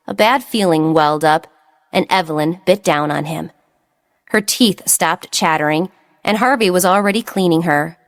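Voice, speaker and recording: A woman narrates a romance novel in a steady, even reading voice. Her pitch sits a little low for a woman, and the pace is measured. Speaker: audiobook narrator. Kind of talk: scripted narration.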